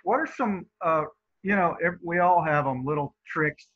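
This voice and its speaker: Man, interview host, slightly high voice, hesitant, friendly, dull lo-fi audio. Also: normal speed. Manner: hesitant, friendly, lots of fillers. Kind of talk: casual interview.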